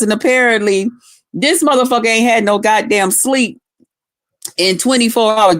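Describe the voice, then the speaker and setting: Cussing woman livestreamer, loud and rowdy. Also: mid-range voice. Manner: profane, rowdy storytelling with heavy cursing; talks straight to viewers, greeting them by name. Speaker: livestreamer talking to her chat. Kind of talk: casual live chat.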